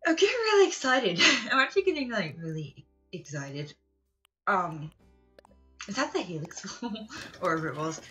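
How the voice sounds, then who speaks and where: Lively, bright-voiced young woman rambling. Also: mid-range voice, normal speed, long pauses, dull audio, soft background music. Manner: excitable, lots of fillers and laughs. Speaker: gaming streamer. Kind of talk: rambling casual chat.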